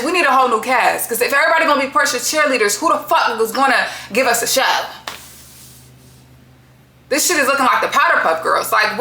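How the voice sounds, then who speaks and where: A woman's voice: fairly high pitch, bright, forceful tone, reverberant. A woman hosting a casual reality-TV recap, talking bluntly with lots of profanity and strong opinions. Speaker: TV recap host.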